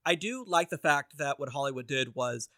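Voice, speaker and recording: A man's voice: mid-range voice, animated, moderate pace, sharp tone, no room sound, studio quality. Blunt, teasing male co-host. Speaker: podcast co-host. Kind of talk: casual chat, reality TV recap.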